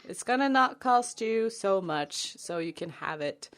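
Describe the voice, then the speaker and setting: A woman's voice: fairly high pitch, measured pace, hardly any pauses, a bit bright. A woman co-hosting a podcast, talking in a chatty, rambling way with lots of fillers. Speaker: podcast co-host. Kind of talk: casual podcast chat.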